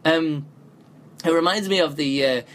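Male podcast host, slightly higher voice, loose rambling review style, phone mic. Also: unhurried, a bit bright, slight background noise. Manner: rambling, thinks aloud, frequent restarts. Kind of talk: casual spoken review.

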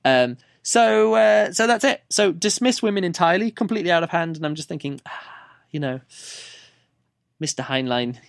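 A man's voice: on the high side, lively intonation, moderate pace, creaky, smooth, dry recording, clean studio sound. A man hosting a podcast, reviewing a book off the top of his head, rambling, restarting and correcting himself, and laughing at his own stumbles. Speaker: podcast host reviewing books.

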